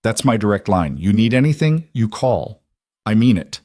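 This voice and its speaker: A careful young police officer talks in a measured, official manner, voiced by a man narrating the story. His voice is on the low side, with a close, dry sound. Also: very animated, a little mellow, no room sound.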